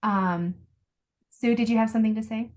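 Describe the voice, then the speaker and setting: A woman's voice: fairly high pitch, fairly even intonation, moderate pace, darkish tone. A woman parenting coach on a video call, patiently explaining step by step and acting out sample phrases.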